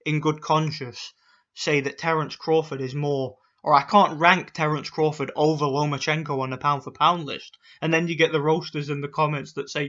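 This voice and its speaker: A man in a casual vlog rant, swearing freely and tripping over repeated words. His voice sits a little high and sounds bright and sharp. The audio is dull and lo-fi. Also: fairly even intonation, normal speed. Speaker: boxing YouTuber.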